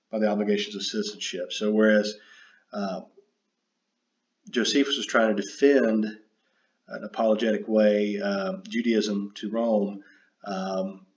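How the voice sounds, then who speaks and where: Low-voiced man lecturing in an echoey room. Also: darkish tone. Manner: halting, many fillers and self-corrections. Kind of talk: unscripted recorded lecture. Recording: dull roomy recording.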